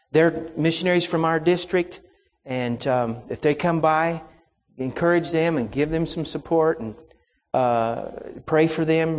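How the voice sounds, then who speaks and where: A man's voice: on the high side, big-room sound. A man preaching a sermon, telling a personal story in a folksy, anecdotal way and acting out the exchanges.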